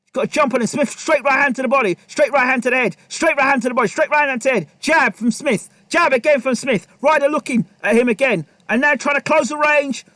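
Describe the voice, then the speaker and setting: A man calls a boxing match live, firing off punches as they land and urging the fighters on. His voice is very high for a man. The sound is close and dry with no room behind it. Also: quick pace, no echo. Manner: excitable, repetitive, talks to the fighters. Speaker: boxing commentator. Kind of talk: live play-by-play commentary.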